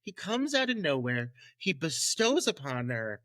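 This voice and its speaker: A man with a high voice that swoops all over, co-hosting a film podcast. He rants and gushes with plenty of swearing. The sound is dry and close. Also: unhurried, no room sound. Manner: animated, profane, gushing. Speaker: podcast co-host. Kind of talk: casual film review chat.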